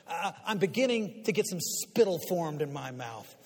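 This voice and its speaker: Middle-aged male speaker, high voice, lively storytelling before a crowd, long hall echo. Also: moderate pace, breathy edge. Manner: animated storyteller, swinging from quiet asides to loud punchlines. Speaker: guest speaker and media commentator. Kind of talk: storytelling talk to a live audience. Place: large hall before an audience. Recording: long reverb of a large hall.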